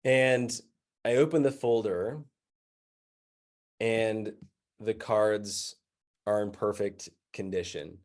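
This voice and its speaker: A man telling a personal story as a speaker, animated and acting out the other people's lines with voices, and laughing as he goes. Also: lowish voice, slow, pauses often. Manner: animated, acts out dialogue with voices.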